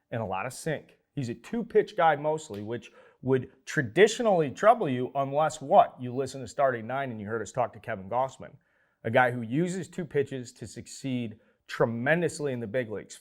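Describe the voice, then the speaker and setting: Male studio host, live sports talk, excitable, salty, mid-range voice. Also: medium pitch, moderate pace. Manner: excitable, loud swings, swears casually.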